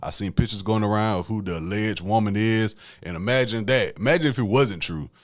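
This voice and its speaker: A man's voice: on the low side, brisk. A man, hosting a solo podcast and talking casually to his listeners as y'all in a preachy, conversational way. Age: late 20s. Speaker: podcast host.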